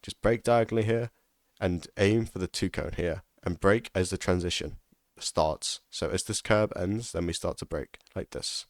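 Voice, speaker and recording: A man's voice: low voice, moderate pace, no echo, studio quality. A man giving casual instructional commentary over a sim racing lap, repeating key tips for emphasis.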